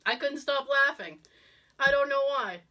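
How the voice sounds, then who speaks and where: A woman hosts a casual podcast with a bright voice that sits a bit high. Her pitch leaps around as she tells a story, and she acts out the quotes and laughs often along the way. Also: animated, moderate pace. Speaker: podcast host.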